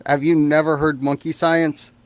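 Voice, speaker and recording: A man's voice: a little high, little pitch movement, moderate pace, dry recording. Mocking man in casual chat. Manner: mocking, laughs at his own jokes. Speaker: stream guest. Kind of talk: casual banter on a stream.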